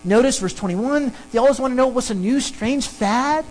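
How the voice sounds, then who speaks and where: A pastor preaching a sermon and teaching through a Bible passage, emphatic and animated. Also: fairly quick, hardly any pauses, a little hiss or hum, low-quality recording. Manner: animated, emphatic preaching with sudden pitch jumps.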